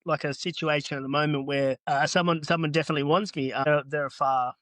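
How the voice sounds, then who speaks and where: Australian man, guest on a trade podcast, lively yarn-spinner, slightly high voice, dry close recording. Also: quick pace, dry recording. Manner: animated, acts out both sides of conversations. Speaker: podcast guest, earthmoving business owner. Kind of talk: casual storytelling.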